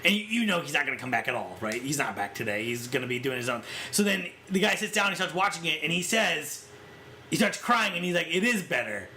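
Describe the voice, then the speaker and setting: A man with a fairly high voice talks fast as he co-hosts a casual film podcast, with slight background noise. He's animated and acts out scenes in quotes.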